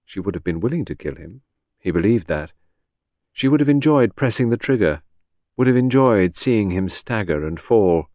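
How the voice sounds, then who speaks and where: A man's voice: on the low side, animated, moderate pace, a little mellow, no echo, clean studio sound. A man reading a classic detective novel aloud as an audiobook narrator, giving the characters' lines small shifts of voice. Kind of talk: scripted narration.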